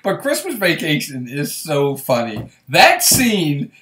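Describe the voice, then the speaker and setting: A man's voice: on the high side, wildly swooping pitch, slow, fairly bright tone, reverberant. A man hosting a casual live stream, chatting and laughing often as he reads viewer comments aloud. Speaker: host.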